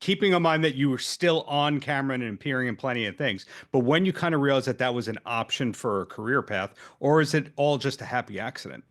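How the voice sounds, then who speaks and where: A man hosting a podcast, asking questions with friendly quick interjections. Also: mid-range voice, lively intonation. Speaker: podcast host. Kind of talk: casual interview chat.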